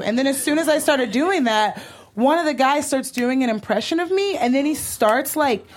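Animated, high-voiced woman telling stories. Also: moderate pace, hardly any pauses. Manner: animated, acts out quotes, swears freely. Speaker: co-host. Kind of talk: storytelling chat on a live show.

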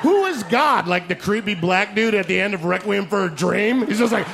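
A young man doing a crude, fast stand-up comedy set, yelling punchlines and laughing along. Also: high-pitched, lively intonation, vocal fry. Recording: live club, loud crowd and noise.

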